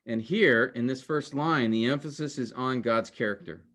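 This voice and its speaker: A man's voice: medium pitch, normal speed, fairly bright tone. A man teaching a Bible class in a recorded lecture, explaining step by step and asking rhetorical questions. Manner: explanatory, addresses class as guys and men; repeats points with rhetorical questions.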